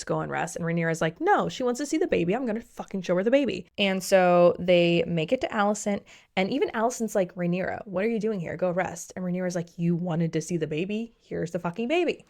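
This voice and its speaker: A young woman giving a casual, gossipy recap of a TV series, swearing freely and acting out the characters' lines in quick asides. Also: on the low side, creaky, darkish tone.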